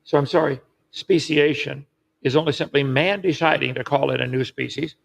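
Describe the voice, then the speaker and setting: A man's voice: fairly high pitch, steady tone, moderate pace, vocal fry. A man lecturing assertively in an old recorded clip. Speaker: creationist speaker.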